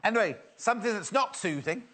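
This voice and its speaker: A man's voice: high voice, lively intonation, fast, a bit bright. A middle-aged man presenting live sales on TV, chatty and teasing as he banters with his crew. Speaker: shopping channel presenter.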